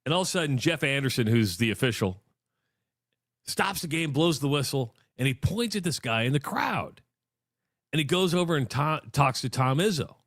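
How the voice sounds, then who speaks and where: A man's voice: moderate pace, no echo, clean studio sound. A man co-hosting a sports radio show, telling stories animatedly and acting out what others said. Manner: animated storyteller, acts out quotes with big pitch jumps. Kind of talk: casual sports talk. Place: radio studio.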